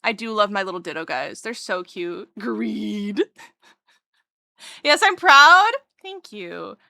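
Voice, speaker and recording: A young adult woman livestreamer chatting casually with her viewers, bubbly and excitable, with jokey self-mocking asides and a voice that leaps up when she greets people. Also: mid-range voice, a little slow, vocal fry, no room sound, studio quality. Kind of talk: casual chat with live viewers.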